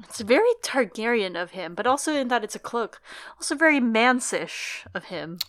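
A woman's voice: a little high, sing-song, a bit bright, dry recording. Woman recapping a book, dry sound. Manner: conversational recapping, with quick impressions of characters. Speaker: podcast co-host. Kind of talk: casual book discussion podcast.

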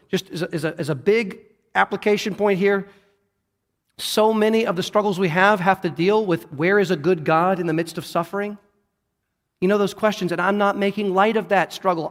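A man's voice: sits high, a bit bright, in a large hall. A man preaching a sermon, earnest and often repeating or correcting himself as he goes. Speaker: pastor.

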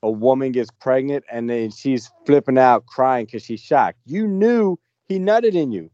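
A man's voice: medium pitch, lively intonation, measured pace, dark tone, no room sound, highs cut off. A man co-hosting a casual podcast chat, blunt and mocking. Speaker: podcast co-host.

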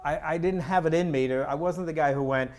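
A man's voice: a little high, a little fast. A middle-aged man, a comedian guest, telling stories in casual chat and slipping into impressions of people. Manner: animated, drops into impressions of people.

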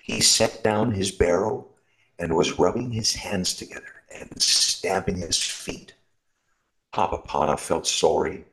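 Storybook reader, male, very low gravelly voice, slow and lively in pitch, for a Christmas service. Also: rough recording. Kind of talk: reading a Christmas story aloud.

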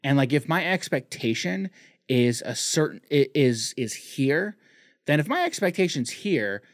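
A man's voice: fairly high pitch, big pitch swings, measured pace, no room sound, studio quality. A man co-hosting a casual podcast, talking in loose rambling sentences full of restarts and fillers. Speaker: podcast co-host.

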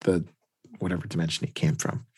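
A man's voice: low-pitched, flat delivery, brisk, a little mellow, breathy edge, dry recording. A man hosting a podcast, casually recapping a comic story with frequent "like"s and restarts. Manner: rambling, many "like"s and restarts. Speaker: podcast host.

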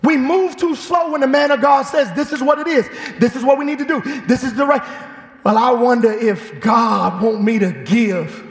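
A man preaching a fiery sermon in a church, with an animated, shouting delivery. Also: very high voice, normal speed. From Chicago. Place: church sanctuary. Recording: echoey church hall.

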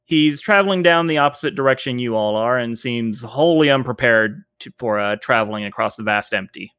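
A man narrating as game master, with frequent pauses and fillers. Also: medium pitch, fairly bright tone, smooth, no echo. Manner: hesitant, many fillers.

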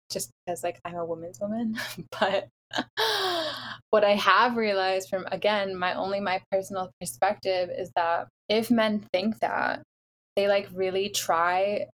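A woman's voice: medium pitch, a little hiss or hum. Chatty young woman telling a dating story. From Los Angeles area. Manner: animated storytelling, frequent "like" fillers. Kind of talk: casual chat.

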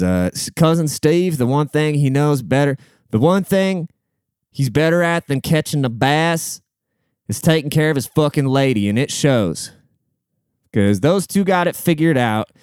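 A man's voice: medium pitch, a little mellow, clear, resonant tone, dry recording, clean studio sound. A young man hosting a podcast, giving a crude, profane, rambling monologue in casual chat.

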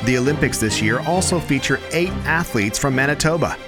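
A Canadian man reading satirical news headlines in a dry, deadpan anchor style. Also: mid-range voice, fairly quick, over music. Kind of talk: deadpan comedy news delivery.

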